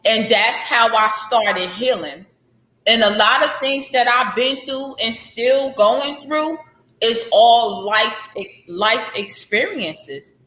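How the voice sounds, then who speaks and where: Slightly high and bright, her voice sounds pushed as she speaks slowly. She's an author in her thirties giving a candid, heartfelt interview about faith and healing, repeating phrases to stress them, recorded in an echoey room.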